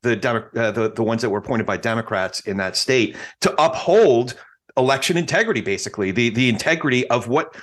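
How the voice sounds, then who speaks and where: A man hosting a casual podcast, joking easily and halting with ums and restarts as he makes his points. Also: medium pitch, animated, a bit bright. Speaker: podcast host.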